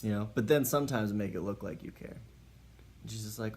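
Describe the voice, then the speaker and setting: A man with a lowish voice delivering tongue-in-cheek dating tips. He keeps a mock-serious, playful tone throughout. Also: a little fast, a little mellow, breathy edge. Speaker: comedic advice host. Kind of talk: mock dating-advice comedy monologue.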